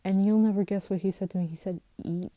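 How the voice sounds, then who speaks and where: A woman's voice: medium pitch, steady tone, fast, dark tone, no echo, poor audio. A woman vlogger telling a story in a rambling, heated way, swearing and restarting often. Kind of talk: casual storytelling vlog.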